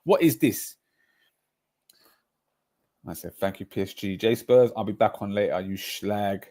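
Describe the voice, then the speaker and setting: A man's voice: on the low side, unhurried, mellow. A young man, streaming casual football chat with slang-heavy banter, stutters and restarts. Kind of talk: casual chat reacting to chat messages.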